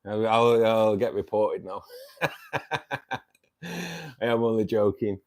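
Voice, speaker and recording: With a lowish, steady voice and a slow pace, a man chats with viewers on his fishkeeping club's live stream. He's at home beside his fish tanks, greeting people with meandering, joking banter heavy on fillers.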